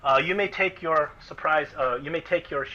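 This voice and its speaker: A man's voice: on the high side, fairly quick, sharp tone, slight background noise. A man narrating a tabletop game as game master, thinking aloud and restarting sentences, in a dull lo-fi recording.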